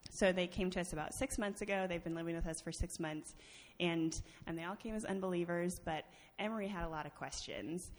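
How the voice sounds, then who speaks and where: A woman's voice: lowish voice, a little fast, hardly any pauses. Chatty woman telling a church testimony. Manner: chatty storytelling, laughs often, many fillers. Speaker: church children's teacher sharing a testimony. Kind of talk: personal testimony to a congregation. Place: church sanctuary. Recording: long reverb of a large hall.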